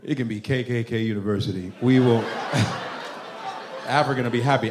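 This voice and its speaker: A man's voice: mid-range voice, normal speed, pauses often. A man from the United States doing crude stand-up comedy, laughing through his lines. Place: comedy club. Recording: echoey club with crowd laughter and noise.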